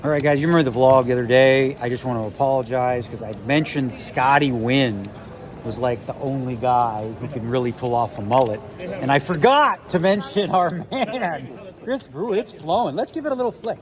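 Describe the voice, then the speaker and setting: A middle-aged Canadian man vlogs casually to camera from a busy casino tournament room, chatty and joking, swearing freely while explaining poker hands. His voice is medium-pitched and expressive at a normal speed, with crowd chatter behind him.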